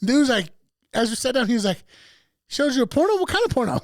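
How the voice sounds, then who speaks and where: A man's voice: extremely high pitch, fast talker, no echo. A man co-hosting a podcast, telling a story in a casual, profane way and acting out the people in it. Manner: animated, profane, acts out other people's voices. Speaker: podcast co-host.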